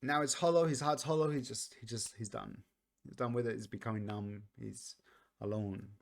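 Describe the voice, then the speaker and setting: A man talking casually through a song's meaning, earnest and reflective, often pausing and restarting his sentences. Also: mid-range voice, steady tone, vocal fry. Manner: earnest, reflective, soft-spoken. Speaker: music reaction vlogger. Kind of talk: casual song commentary.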